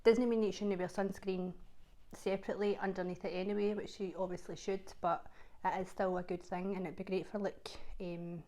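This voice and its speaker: Scottish woman, vlogger, casual chat to camera, mid-pitched voice, chatty, lots of fillers, doubles up words. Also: fairly even intonation, moderate pace, warm tone. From Scotland. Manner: chatty, filler-heavy, repeats words for emphasis.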